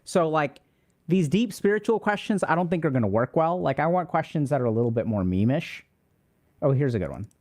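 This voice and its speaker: A man's voice: on the high side, lively intonation, a little fast, darkish tone. A man hosting a casual livestream, reading out and answering chat questions in a loose, rambling way.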